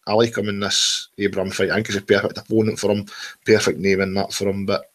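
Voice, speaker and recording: A man's voice: lowish voice, little pitch movement, fast talker, a bit bright. A man co-hosting a boxing podcast, speaking hesitantly with restarts. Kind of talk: casual live podcast chat.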